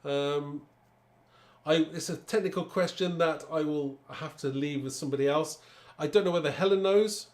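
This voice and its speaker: A man's voice: a little high, normal speed. A man hosting a live card-making demonstration, chatting to viewers as he works. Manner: chatty, talks to viewers while working. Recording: echoey room with faint background noise.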